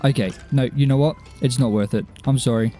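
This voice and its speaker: This excitable young male gamer has a mellow, medium-pitched voice and talks briskly. As a YouTuber doing an excited Minecraft let's-play, he stays animated, chats with viewers, and gasps and pleads with mobs over faint background music.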